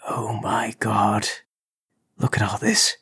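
A man voicing a frightened, trembling male intruder who stammers in a breathy whisper. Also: medium pitch, moderate pace, fairly bright tone. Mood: shaken.

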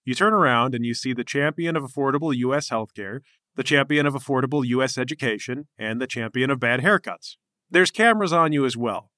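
A man's voice: medium pitch, bright, forceful tone, no room sound, studio quality. A man narrating and voicing side characters as game master in a playful tabletop game. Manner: brisk, playful narration with NPC voices.

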